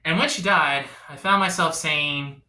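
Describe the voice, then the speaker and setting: Bright, lively stand-up comic in echoey room. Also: male voice, fairly high pitch, measured pace. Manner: confessional, deadpan setups with sudden swings. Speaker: stand-up comedian. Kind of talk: stand-up comedy set.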